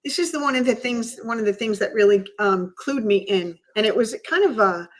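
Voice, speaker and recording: A woman's voice: on the high side, fairly quick, poor audio. A woman co-hosting a podcast, telling a personal story in an earnest, emotional way. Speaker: podcast co-host. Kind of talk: storytelling in casual chat.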